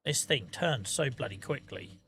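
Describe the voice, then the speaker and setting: A man's voice: mid-range voice, expressive, a little slow, vocal fry, a bit bright, slight background noise. A tired man, chatting casually to viewers on a game livestream and telling rambling, sweary stories. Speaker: streamer.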